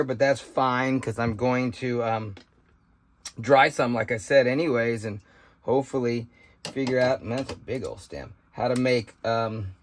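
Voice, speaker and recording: Folksy rambling man vlogging outdoors. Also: medium pitch. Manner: rambling, folksy, thinks out loud with many fillers. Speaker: homesteading vlogger. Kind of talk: casual outdoor how-to vlog. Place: outdoors by trees, then a kitchen.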